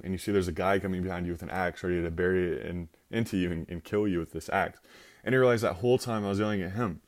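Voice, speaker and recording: A man's voice: sits low, a little mellow. A man giving an informal Christian teaching talk, conversational and acting out little scenarios with quoted voices.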